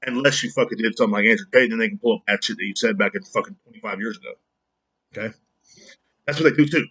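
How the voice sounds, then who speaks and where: A man's voice: lowish voice, quick pace, a bit bright, slightly rough. A man hosting a podcast, ranting angrily and bluntly with constant swearing and the odd laugh. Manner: angry, swearing, blunt, laughs at own jokes. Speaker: podcast host. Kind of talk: profane solo rant.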